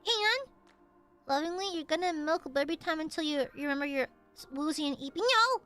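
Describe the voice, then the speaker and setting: High, bright, playful young woman streamer. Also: animated, brisk, faint music behind. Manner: playful, teasing, affectionate. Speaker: VTuber streamer. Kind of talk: casual live-stream chat with viewers. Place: home streaming setup.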